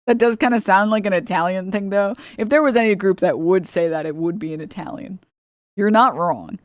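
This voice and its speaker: A woman's voice: mid-range voice, fairly quick, dry recording, clean studio sound. A woman streamer giving reaction commentary, ranting with incredulous, profane remarks.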